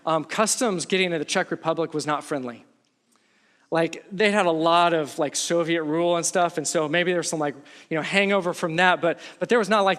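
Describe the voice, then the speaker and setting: A middle-aged man preaching a sermon as pastor, telling a story in a lively way and acting out what people said. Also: on the high side. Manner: animated storytelling, acts out quotes. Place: church sanctuary. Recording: long reverb of a large hall.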